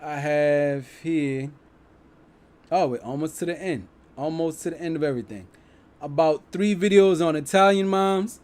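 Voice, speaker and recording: A man's voice: on the high side, normal speed, darkish tone. A man casually talking viewers through comedy clips he is reacting to, loose and laid-back.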